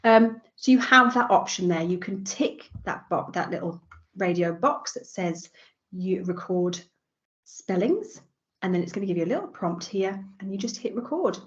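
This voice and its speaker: A woman with an English accent walking teachers through educational software, chatty and relaxed, with frequent ums. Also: medium pitch, normal speed, muffled recording. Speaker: teacher trainer. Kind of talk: software tutorial walkthrough.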